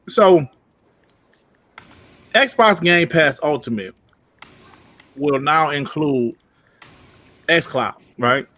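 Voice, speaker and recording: A male live-stream host who talks loose and slangy, shouting out viewers in the chat. His voice sits a bit high, and the sound is dry and close. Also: expressive, very slow, pauses often, no room sound. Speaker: podcast host reading chat.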